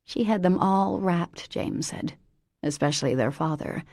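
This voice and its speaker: A woman narrating a romance audiobook in an even, unhurried storytelling manner. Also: fairly low pitch, no echo, clean studio sound. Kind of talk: scripted narration.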